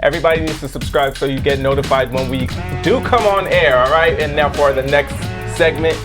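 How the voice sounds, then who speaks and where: A man co-hosting a live web show, reading viewer questions aloud in a careful, measured way. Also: on the high side, music in the background.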